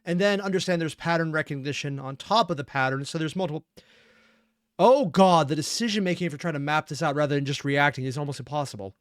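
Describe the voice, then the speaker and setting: A man in casual reaction commentary, excitable and giggly, with rambling asides, on a close mic. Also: on the high side, fast, hardly any pauses, no room sound. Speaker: reaction video host.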